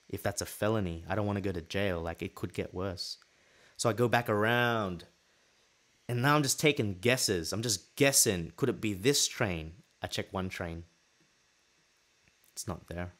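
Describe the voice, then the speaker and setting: A man hosting a podcast, telling a personal story in a casual, lively way and acting out what people said. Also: fairly low pitch. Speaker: podcast host.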